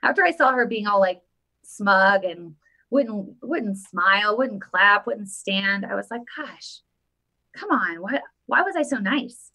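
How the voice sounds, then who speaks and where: A woman vlogger giving casual live-stream political commentary, emphatic and animated, often repeating her phrases. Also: mid-range voice, measured pace.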